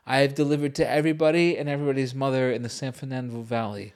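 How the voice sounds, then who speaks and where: A man in his thirties, co-hosting a crude, casual comedy chat and laughing his way through animated, profane stories. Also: mid-range voice, rapid-fire. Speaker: podcast co-host.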